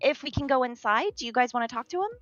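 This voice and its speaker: A woman's voice: high-pitched, animated, fast, a bit bright, no room sound, lo-fi sound, faint music behind. A bubbly woman playing a tabletop game who laughs often. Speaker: player.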